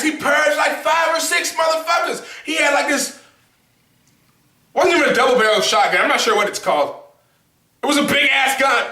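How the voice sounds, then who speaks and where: A young man reviewing a movie in a loud, profane, animated rant, often shouting his reactions. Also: very high voice, distant mic. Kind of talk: casual ranting movie review. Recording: echoey room, off mic.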